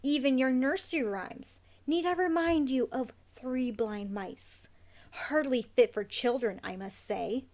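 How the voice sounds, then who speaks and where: A woman's voice: sits high, unhurried, darkish tone. Woman voicing a pompous, fussy talking rat. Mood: haughty. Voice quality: prim, sarcastic, haughty.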